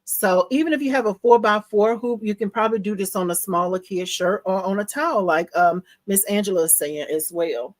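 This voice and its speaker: A woman's voice: medium pitch, fairly quick, hardly any pauses, dry recording. A woman hosting a casual live stream, gushing over her work with squeals and laughs, reading viewer comments aloud and explaining steps. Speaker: livestream host showing embroidery.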